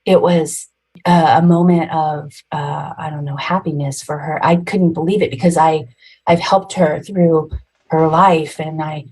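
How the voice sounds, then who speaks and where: A woman's voice: deep voice, darkish tone, breathy edge, poor audio. A woman in her forties, a podcast guest, retelling a personal story emotionally and ramblingly, with nervous laughs.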